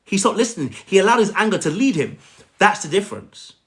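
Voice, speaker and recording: A man's voice: sits high, sing-song, fast talker. Man coaching on a phone live stream, emphatic, keeps saying okay, bouncy voice. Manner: emphatic, often checks in with "okay?"; addresses viewers by name. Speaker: life coach.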